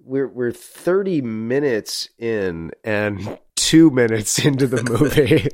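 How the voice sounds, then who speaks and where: Animated man chatting on a dry mic. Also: medium pitch, takes it slowly, no echo. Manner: animated, laughing, heavy use of "like". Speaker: podcast co-host. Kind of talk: casual movie review chat.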